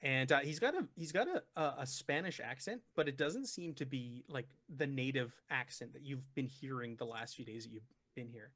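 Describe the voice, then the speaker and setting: A man narrating as game master of a tabletop horror game, animated and prone to stumbling restarts. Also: mid-range voice, moderate pace, few pauses, no echo.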